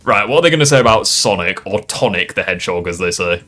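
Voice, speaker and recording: A man's voice: low voice, animated, fast, sharp tone, soft background music. A man hosting a casual reaction chat, rambling, laughing and swearing often. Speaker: streamer host.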